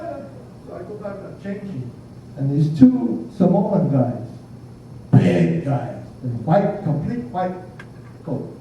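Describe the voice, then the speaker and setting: An older man, a Buddhist minister, delivers a blunt and humorous sermon, telling it conversationally like a story. His voice runs on the high side, with slight background noise. The recording is distant and muffled, made in an echoey hall.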